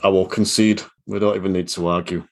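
A man's voice: low voice, flat delivery, fast, a little mellow. Jokey, swearing man hosting. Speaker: podcast host. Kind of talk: casual chat.

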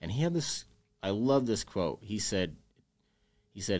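A man's voice: on the low side, big pitch swings, measured pace, pauses often, darkish tone. Earnest man speaking openly about grief. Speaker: podcast guest. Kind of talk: candid interview conversation.

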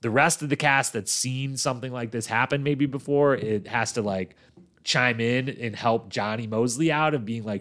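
A man hosting a casual recap monologue, telling the story with lots of fillers and acting out the people he quotes in livelier voices. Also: moderate pace. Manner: animated storytelling, acts out quoted people with jumps in pitch, many fillers. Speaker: podcast host recapping a reality show.

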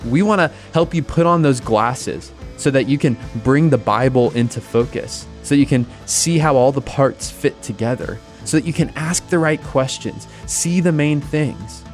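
A man's voice: mid-range voice, moderate pace, hardly any pauses, soft background music. A man hosting a podcast, teaching about the Bible in a conversational way and telling a personal story along the way. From United States. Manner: conversational, animated storytelling with small restarts.

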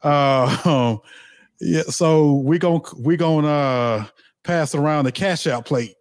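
A man's voice: on the high side, slow pace, no echo, studio quality. A man hosting a podcast, joking with his guest and laughing between fillers. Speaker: podcast host. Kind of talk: casual podcast chat. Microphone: remote call.

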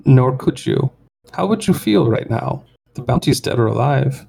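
A man voicing a gray, insect-like male alien bounty hunter with a high, whining voice, taunting his quarry. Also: lively intonation, moderate pace, vocal fry, darkish tone, slightly rough, heavily acted. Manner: smug, needling taunts.

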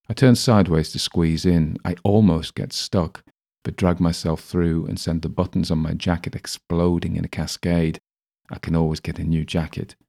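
Deep-voiced man narrating. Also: creaky. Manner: steady, even storytelling. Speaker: audiobook narrator. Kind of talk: first-person audiobook narration.

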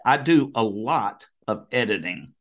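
A cheerful man hosts the podcast, laughing easily as he chats. His pitch moves a lot, so his voice sounds animated and lively. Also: measured pace. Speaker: podcast host and editor. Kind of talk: casual chat.

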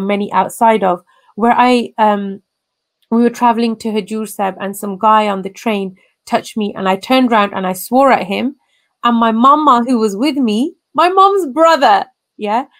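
A woman speaking candidly and emphatically in conversation, slipping into Punjabi phrases as she recounts her experiences. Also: on the high side. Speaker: guest sharing personal story.

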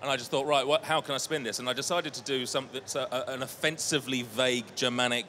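Guy on a con panel, bright forceful voice, dry jokey delivery. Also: mid-range voice, fairly even intonation, fast talker, few pauses, slight background noise. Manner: dry, wry humor. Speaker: game master, panelist. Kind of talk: casual panel chat. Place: convention panel stage.

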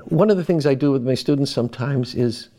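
A man from Boston, an academic guest, giving reflective interview answers in a measured, thoughtful way with pauses. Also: mid-range voice, warm tone.

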